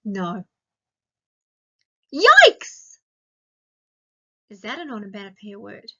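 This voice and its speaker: A woman's voice: a little high, expressive, heavy background noise. Australian woman teaching young kids. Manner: slow, clear, sing-song teacher questions to children. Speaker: primary school teacher. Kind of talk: recorded online grammar lesson for young children.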